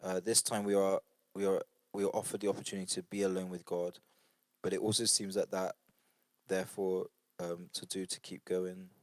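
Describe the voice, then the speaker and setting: A man's voice: low voice, flat delivery, brisk, darkish tone, no echo. A man leading a church book study group in an informal devotional talk. He sounds earnest and conversational, with fillers and repeated phrases.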